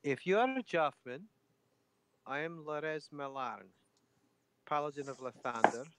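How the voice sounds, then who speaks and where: A man voicing an earnest paladin who formally offers peace and healing in a courteous, measured way. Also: fairly high pitch, heavy background noise. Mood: solemn.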